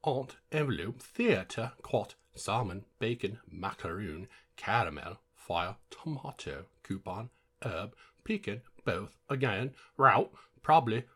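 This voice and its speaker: An American man doing a deliberately bad English accent, drawing out a slow, sing-song word list. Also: on the low side, big pitch swings, sharp tone, slightly rough, full character voice. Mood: hammy. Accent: mock English.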